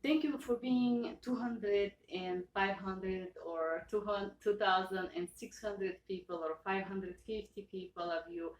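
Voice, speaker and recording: A woman speaking English with an accent, earnestly thanking her viewers, halting and emotional with many restarts. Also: mid-range voice. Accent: non-native English accent. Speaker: channel owner. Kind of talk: personal thank-you talk to viewers. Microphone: own camera. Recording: roomy echo, voice far from mic.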